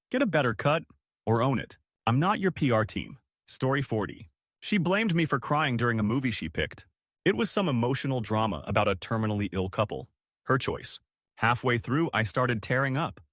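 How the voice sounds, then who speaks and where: A man's voice: medium pitch, expressive, normal speed, fairly bright tone, dry recording, studio quality. A man giving scripted narration of reader-submitted stories in a wry storytelling manner.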